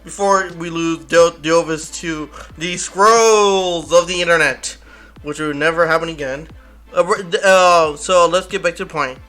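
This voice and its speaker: A man hosts a casual chat interview. His voice sits high and bright, and he talks in rambling bursts, stopping, restarting and correcting himself as he goes. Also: a little slow, faint music behind. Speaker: interview host.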